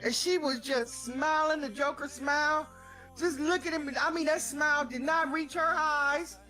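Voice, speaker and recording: Woman, high voice, animated profane storyteller, faint music behind. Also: normal speed. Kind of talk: casual storytelling.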